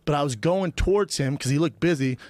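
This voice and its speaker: A man in his thirties co-hosts a podcast, telling a story in casual chat with a fairly high-pitched, fairly quick voice. He animatedly acts out the quoted back-and-forth, and there's no room sound.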